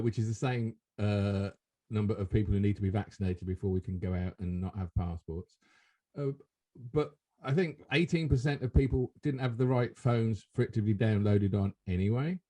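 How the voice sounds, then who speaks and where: A man's voice: mid-range voice, dark tone. A man hosting a casual comedy podcast, rambling and self-interrupting, laughing often. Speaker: podcast host.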